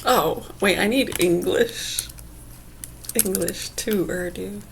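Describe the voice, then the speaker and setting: Slow-talking woman, laughing, crude. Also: medium pitch, vocal fry, slight background noise. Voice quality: slight whistle through gaps in her teeth. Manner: laughs often, crude and profane. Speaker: vlogger. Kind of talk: rambling casual monologue.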